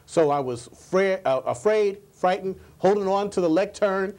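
A man's voice: high voice, lively intonation, moderate pace, hardly any pauses, a little mellow. A man who coaches public speaking, a guest on a TV talk show, telling stories earnestly and often repeating his words. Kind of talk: interview answers.

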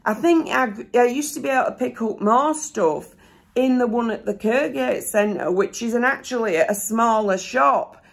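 A woman with a Yorkshire accent chatting casually through a haul vlog, with a sore throat that leaves her voice a bit rough and her breath slightly short, rambling homely with lots of fillers. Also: fairly high pitch, moderate pace. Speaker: haul vlogger. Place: seated indoors.

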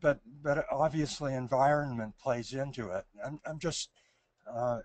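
A man's voice: mid-range voice, measured pace, a little mellow, dry recording. A man presenting on creativity, answering audience questions in a hesitant, thoughtful way with many restarts. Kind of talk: thoughtful Q&A talk.

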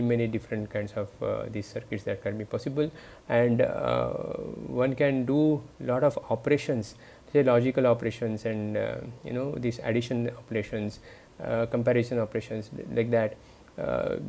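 A man's voice: mid-range voice, gravelly, warm tone. A man giving a recorded university lecture, talking students through examples hesitantly, with many fillers and restarts. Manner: explanatory, addresses students directly.

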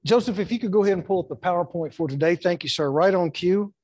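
Middle-aged male pastor, high-pitched, emphatic sermon delivery, dry close mic. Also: fast talker, darkish tone, dry recording. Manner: emphatic preaching with acted-out quotes and repetitions. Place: church sanctuary.

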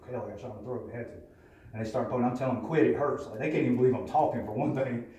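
A man's voice: medium pitch, steady tone, very fast, mellow. A man giving a candid, profane personal testimony at a recovery meeting, in a plainspoken storytelling manner. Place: meeting room. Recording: echoey room from a distance.

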